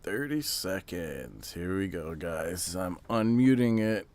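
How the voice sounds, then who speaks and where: Deep and sing-song, a slow-talking American man hosts a casual live stream for a reveal watch party while loud music plays behind him. He rambles and chats, reading his viewers' comments aloud and responding to them.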